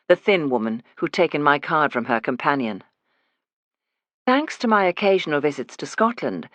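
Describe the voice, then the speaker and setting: A man reading a first-person mystery audiobook in measured storytelling narration. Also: fairly high pitch, bright, forceful tone, dry recording.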